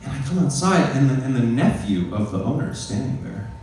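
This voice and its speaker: A man performing stand-up on a club stage, animated and foul-mouthed as he acts out a neighborhood feud. His voice swings widely in pitch. The sound is roomy and distant, with faint club noise underneath. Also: fairly quick. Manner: animated, profane, acts out both sides of a quarrel. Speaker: stand-up comedian. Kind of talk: stand-up storytelling.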